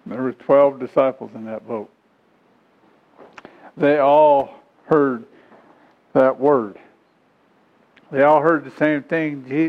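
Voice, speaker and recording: A man preaching a sermon who reads scripture aloud and then explains it in homey asides, chuckling now and then. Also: medium pitch. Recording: dull lo-fi recording.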